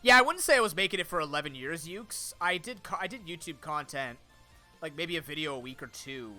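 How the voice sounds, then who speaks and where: Young man, bright voice, slightly high pitch, sore throat, rambling casual stream chat, faint background music. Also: expressive, a little fast. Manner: rambling, off-the-cuff, many fillers and restarts; talks to chat and friends off-mic. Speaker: streamer and content creator.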